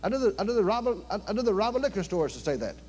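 An older man preaching a sermon in a fervent, folksy manner, swinging between loud exclamations and low murmured prayer. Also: sing-song, very fast, dull audio. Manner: folksy, with plain everyday grammar. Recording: faint hum behind the voice.

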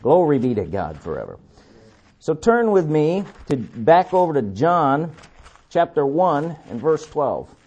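A man preaching a sermon, emphatic, repeating key words and slowing down to read scripture. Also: fairly high pitch, very animated, darkish tone, slightly rough, lo-fi sound.

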